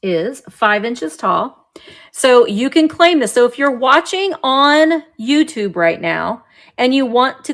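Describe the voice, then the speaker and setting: A woman with a slightly bright, higher voice and some vocal fry hosts a live stream selling vintage goods. She chats away, describing each piece as she handles it.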